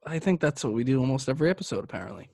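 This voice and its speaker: Co-hosting a podcast that reviews beers, a young man jokes around with crude, casual banter, talking very fast and very animatedly. His voice is mid-range, gravelly and darkish, and there is no echo.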